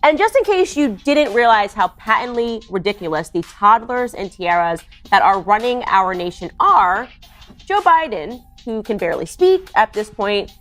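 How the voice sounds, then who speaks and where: Woman, political commentary, sarcastic, mocking, mid pitch, faint music behind. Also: big pitch swings, normal speed, fairly bright tone. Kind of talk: opinionated monologue.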